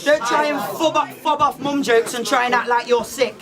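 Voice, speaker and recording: A man's voice: very high-pitched, fairly even intonation, normal speed. A young man performing a battle rap, brash and mocking, firing off punchlines at a live event. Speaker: battle rapper. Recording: loud crowd and heavy noise. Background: loud cheering crowd.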